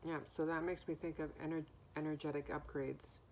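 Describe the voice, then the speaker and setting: A woman giving a slow, musing oracle card reading, often pausing to listen and repeating words as they come to her. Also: low-pitched, flat delivery, slight background noise.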